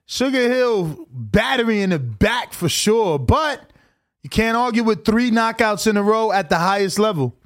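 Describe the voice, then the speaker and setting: A man hosting a livestream, reacting to a fight with slangy, excitable commentary. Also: sits high, moderate pace. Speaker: livestream host. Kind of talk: casual live watch-along commentary.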